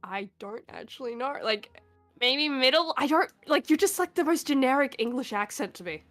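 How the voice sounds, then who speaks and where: A woman chatting casually on a livestream, blunt and quick to swear, laughing between remarks. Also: high voice, animated, a bit bright, soft background music. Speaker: stream guest.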